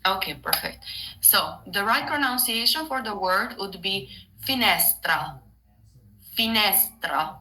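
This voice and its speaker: Woman tutor, Italian accent, bright clear tone, patient, corrects often. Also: medium pitch, expressive, normal speed, rough recording. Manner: patient, correcting, explains with hesitant English. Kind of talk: casual online lesson.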